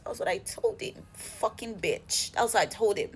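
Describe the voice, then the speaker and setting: A woman telling an exasperated storytime vlog, animated and swearing freely. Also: on the high side, a little fast, a little hiss or hum. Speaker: vlogger.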